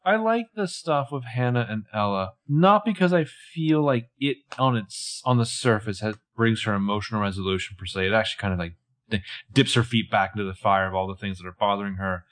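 A man's voice: lowish voice, brisk, fairly bright tone. A man co-hosting a podcast, casually recapping a TV episode and jokingly acting out characters' lines. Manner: jokey, acts out characters' lines in passing. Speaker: podcast co-host.

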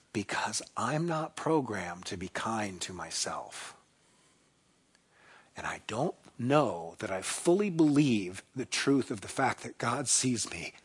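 Earnest man preaching, swinging loud to hushed. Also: on the high side, breathy edge. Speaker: pastor. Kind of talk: sermon.

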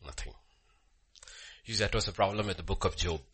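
A man preaching a sermon with a personal story, swinging from loud emphasis to hushed murmurs. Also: low voice, fairly even intonation, rapid-fire, slightly rough. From Bhutan.

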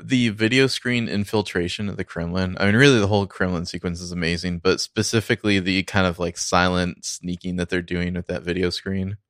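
A man co-hosting a casual film discussion podcast, rambling in a relaxed way with many fillers. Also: deep voice, a little fast, hardly any pauses, no room sound, studio quality. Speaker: podcast co-host.

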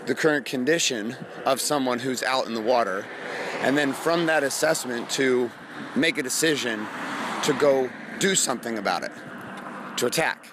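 A man hosting a motivational podcast, talking slowly and quietly to rest a strained voice, casual and profane, while walking down a street outdoors. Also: medium pitch, background noise. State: strained voice, resting it. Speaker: podcast host and coach.

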